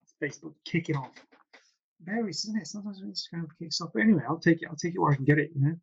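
A man's voice: on the high side, very fast, gravelly, breathy edge, muffled recording. A man, a plastic surgeon, answering viewer questions in a casual, rambling live Q&A with frequent asides. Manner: chatty, rambling, self-deprecating asides.

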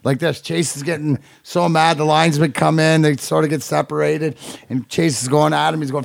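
A man, a former hockey player, telling rough locker-room stories in casual chat, swearing and laughing often. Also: a little high, little pitch movement, fairly quick, no echo, clean studio sound. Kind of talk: casual storytelling.

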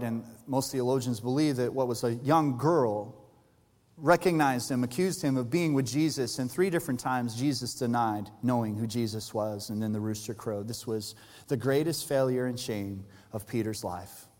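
Man preaching in a reverberant church. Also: mid-range voice. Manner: earnest preaching, builds to loud emphatic peaks, drops soft for tender lines. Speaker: pastor. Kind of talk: Easter sermon. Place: large church hall. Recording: live church hall with long reverb and soft music.

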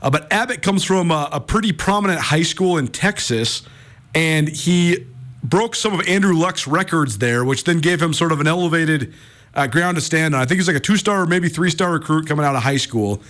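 A man's voice: fairly high pitch, moderate pace, a bit bright. An American man hosting a sports radio talk show, rambling and chatty with lots of fillers and restarts.

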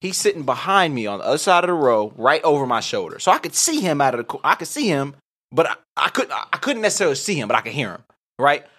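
Animated profane podcast storyteller man. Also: on the high side, fast. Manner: animated, profane, laughs through his story. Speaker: podcast co-host. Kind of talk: casual storytelling chat.

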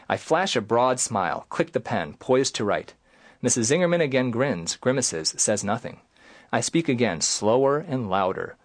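A young man from Michigan reads his own memoir with a very lively, swinging pitch. He jumps into loud, high voices for the people in the story, then drops back to plain telling. His voice sits in a middle register. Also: normal speed. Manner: animated, jumps into loud high acted lines while reading. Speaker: author and plastic surgeon, guest. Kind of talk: interview, then reading his memoir aloud.

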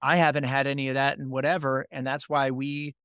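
A man's voice: medium pitch, little pitch movement, fairly quick, fairly bright tone, clear, resonant tone, dry recording, clean studio sound. A man as a podcast guest, speaking reflectively in casual conversation.

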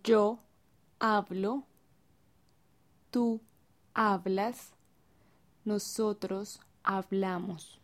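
Slow, clear-spoken woman modeling pronunciation. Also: medium pitch, fairly even intonation. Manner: says words slowly and clearly, a model for learners.

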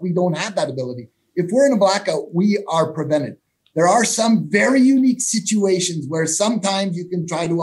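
A man, a mining company executive, giving emphatic, repetitive interview answers. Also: high voice.

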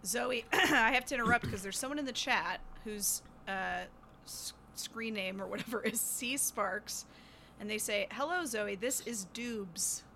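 A woman co-hosting a casual podcast, easygoing and quick to laugh. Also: on the high side, bright, forceful tone, slight background noise. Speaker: podcast co-host. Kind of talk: casual chat.

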